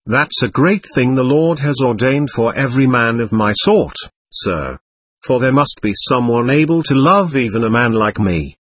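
A man playing a ragged older captain in a storybook, defiant and half mad with grief, his voice husky and swinging up and down as he mocks and pleads. He talks in bitter, theatrical bursts, grovelling one moment and defiant the next. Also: medium pitch, expressive, normal speed, no echo. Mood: mocking self-pity. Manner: bitter, theatrical, self-abasing. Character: poor, defiant, buffoonish older male captain.

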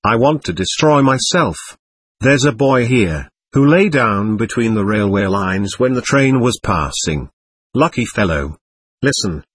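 A man voicing an excitable, capricious teenage girl, talking intensely and darting between teasing and pleading. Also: mid-range voice, breathy edge, dry recording.

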